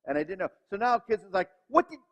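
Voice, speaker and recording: A man's voice: high-pitched, expressive, fast talker. A male pastor giving a sermon in a church, self-deprecating and acting out the voices in his head. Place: church sanctuary. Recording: reverberant hall, dull lo-fi sound.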